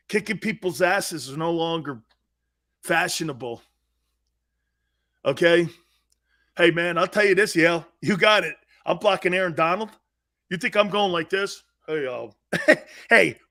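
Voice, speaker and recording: Sports talk host, a man in his fifties, brash and profane, lively swinging delivery. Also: high voice. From United States. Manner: brash, profane, storytelling with loud shouted quotes.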